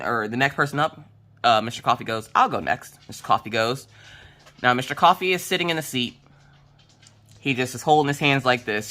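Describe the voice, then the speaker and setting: A young woman telling a story in a casual chat, animated and dramatic, breaking into loud squeals and exclamations. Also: extremely low pitch. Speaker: crafting vlogger.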